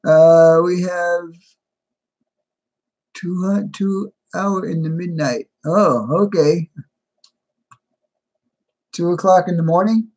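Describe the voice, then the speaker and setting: A man's voice: sits high, takes it slowly, long pauses, a little mellow. A man hosting a livestream, casually greeting viewers by name and answering chat, a little tired. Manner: reads out viewer names and replies to chat. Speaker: livestream host.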